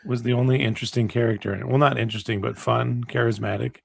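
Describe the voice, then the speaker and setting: A man from Canada joins a podcast as a guest, talking in a laid-back, agreeable way. His voice is gravelly with a husky edge, at a middle pitch. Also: steady tone, quick pace. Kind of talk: casual chat.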